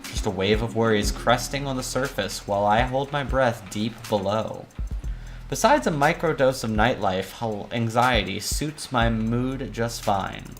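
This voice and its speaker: With a very deep voice and a measured pace, a woman reads aloud as a weary, cynical criminal defense attorney in a visual novel. Her delivery is a wry, brooding noir monologue over faint music.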